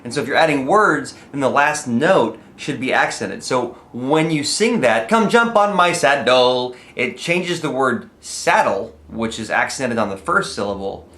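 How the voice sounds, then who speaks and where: A man's voice: mid-range voice, lively intonation, unhurried, hardly any pauses, fairly bright tone. A man teaching how to write comedy lyrics in a friendly, explanatory video lesson, with the odd "uh" and "um". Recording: echoey room, faint music.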